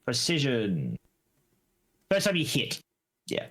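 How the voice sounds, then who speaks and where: Lively man thinking aloud at game night. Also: mid-range voice, slow, husky. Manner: lively, swears freely, thinks aloud about rules. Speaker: player. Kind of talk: casual tabletop game chat.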